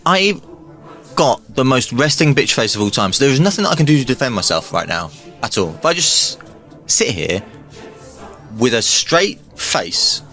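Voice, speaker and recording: A man as a podcast guest, bantering with quick deadpan quips. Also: mid-range voice, faint music behind. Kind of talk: casual chat.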